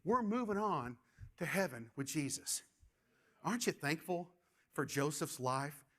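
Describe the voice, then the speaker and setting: A man's voice: a little high, unhurried. A middle-aged man preaching a sermon, telling stories with lots of energy and often repeating words as he gets going. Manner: animated storytelling, repeats words when excited. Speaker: pastor.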